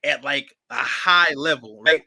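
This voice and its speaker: Man, rambling casual co-host, very bright tense tone, slightly high. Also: a little slow, creaky, no room sound. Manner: rambling, lots of fillers, swears, amazed. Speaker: co-host reacting to a song. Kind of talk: casual reaction chat.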